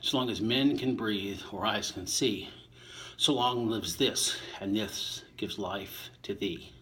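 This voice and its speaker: A man's voice: slow pace, a bit bright. An older man reading sonnets aloud and chatting offhandedly between them. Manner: recites verse, then chats in a low, offhand voice. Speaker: vlogger reciting sonnets while lifting. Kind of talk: casual recitation between lifts.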